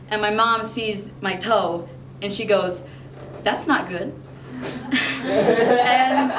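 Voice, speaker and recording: A woman's voice: medium pitch, a bit bright, reverberant, recorded from a distance, slight background noise, poor audio. A young woman casually tells a personal anecdote, trailing off toward the ends of her sentences. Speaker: storyteller. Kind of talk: personal anecdote told to camera.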